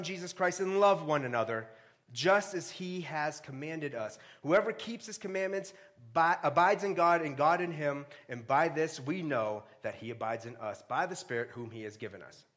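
A man preaching a sermon, reading scripture aloud and breaking into casual jokes and sudden loud, rising exhortations. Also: fairly high pitch, animated, normal speed. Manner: reads scripture aloud between asides. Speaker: pastor.

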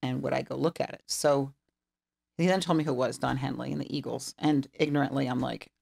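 A woman's voice: rumbling low, fairly quick, gravelly, breathy edge. A middle-aged woman, an interior designer, telling stories in an interview and acting out the dialogue. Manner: animated storyteller who acts out quoted dialogue. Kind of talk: storytelling interview chat.

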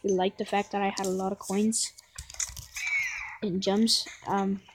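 Rambling excitable woman gaming vlogger. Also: medium pitch, unhurried, vocal fry, background noise. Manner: rambling, excitable, talks to viewers as guys. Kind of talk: gameplay commentary.

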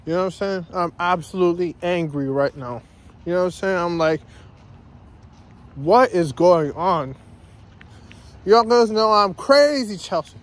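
A man's voice: sits high, expressive, measured pace, long pauses. A man ranting in a casual vlog while walking around his neighborhood outdoors, repeating himself and calling out "guys" again and again. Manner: repetitive, ranting, says "guys" constantly. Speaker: vlogger.

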